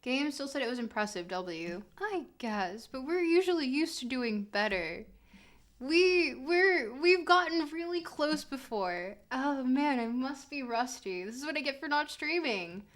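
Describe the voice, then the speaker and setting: Woman streaming a game, high voice, unhurried, chatty and jokey with chat. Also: animated, a bit bright. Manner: chatty and joking, answers chat directly. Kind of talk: casual live-stream commentary while playing.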